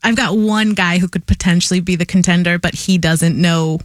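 A woman's voice: lowish voice, steady tone, fairly quick, no room sound, clean studio sound. A young woman who tells stories in a chatty, giggly way as a guest co-host on a radio talk show. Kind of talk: casual chat.

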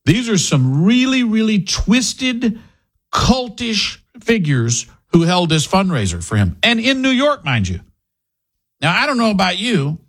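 A man hosting a political commentary show, talking in a sarcastic, opinionated way with frequent fillers. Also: on the high side. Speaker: host.

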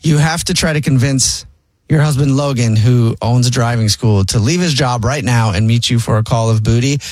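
A man hosting a radio show, upbeat and quick to laugh as he sets up a phone segment. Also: medium pitch, darkish tone, no room sound. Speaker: radio host. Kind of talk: morning radio banter. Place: radio studio.

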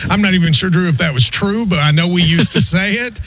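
A man hosting a sports radio talk show, animated and quick to laugh, with a husky voice. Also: high voice, poor audio. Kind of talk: casual sports radio chat.

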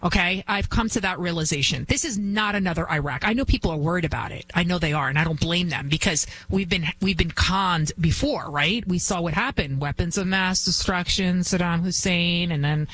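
A woman's voice: on the low side, a little fast, few pauses, fairly bright tone, rough recording. A woman hosting an opinionated political monologue, emphatic and repetitive. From United States. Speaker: political commentary host.

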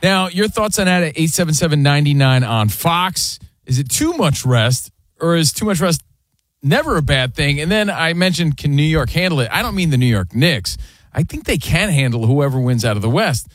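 A sports radio host with a slightly high voice keeps the banter fast and animated. His voice is close and dry, recorded on a studio microphone with no room sound. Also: no echo. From US East Coast. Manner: animated, rapid, says man and dude a lot.

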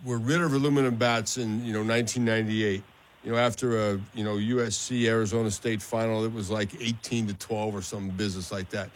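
A man's voice: lowish voice, fairly even intonation, brisk. Male radio co-host asking questions. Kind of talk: casual radio interview.

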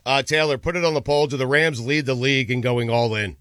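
Guy hosting sports talk, bright punchy voice, dry close mic, keeps saying yes and laughing. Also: mid-range voice, fairly even intonation, no room sound. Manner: emphatic, quick to laugh, peppers replies with "yes". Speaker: sports radio host.

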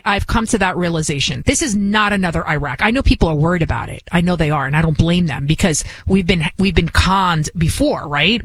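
A woman's voice: lowish voice, no echo, low-quality recording. A woman hosting a talk show, delivering opinionated political commentary with heavy emphasis and repeated phrases. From United States.

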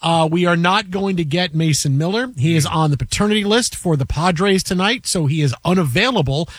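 A sports talk host in his forties spins an animated story and acts out the quotes. His voice sits high for a man. The sound is dry and close. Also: fairly quick, dry recording. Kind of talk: casual sports talk chat.

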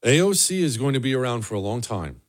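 A man's voice: medium pitch, sing-song, fast. A man hosting a political commentary show, talking in an emphatic, mocking monologue. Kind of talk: opinionated monologue.

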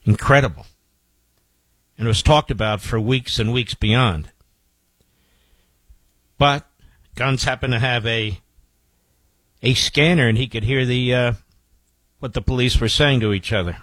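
A male talk radio host with a medium-pitched voice, speaking on a dry, close studio mic. He looks back reflectively as he sets up clips and speaks proudly of his audience's reach. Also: unhurried, pauses often, fairly bright tone, no room sound. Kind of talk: radio show monologue introducing archive clips.

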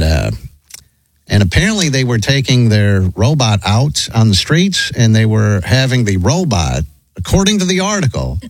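Chatty radio host with a lively voice. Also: male voice, medium pitch, no room sound. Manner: rambling, chuckling, filler-heavy. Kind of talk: talk radio chat.

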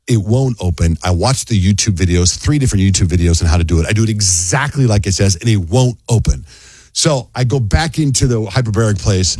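Fast-talking husky radio host man. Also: low-pitched, no room sound. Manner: animated storyteller, acts out sounds and quotes. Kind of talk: casual storytelling on morning radio.

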